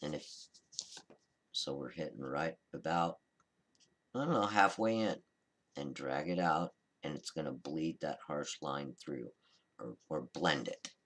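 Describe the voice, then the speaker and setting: Low-voiced man demonstrating a craft. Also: measured pace, pauses often. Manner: relaxed, chatty, reassuring, corrects himself mid-sentence. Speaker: card-making tutorial host. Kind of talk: casual step-by-step crafting demonstration.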